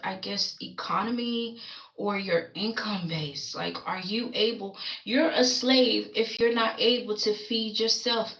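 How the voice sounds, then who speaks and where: A woman's voice: mid-range voice, reverberant, poor audio. A woman livestreaming, talking casually and rambling through a story, quoting people along the way. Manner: rambling, animated storytelling with quoted voices.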